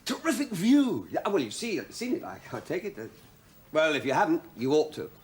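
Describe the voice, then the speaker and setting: An actor playing a stubborn middle-aged male research professor who talks in halting, rambling, defensive bursts. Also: fairly high pitch, wildly swooping pitch, husky, full character voice. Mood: flustered. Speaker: research scientist. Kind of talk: 1980s television drama.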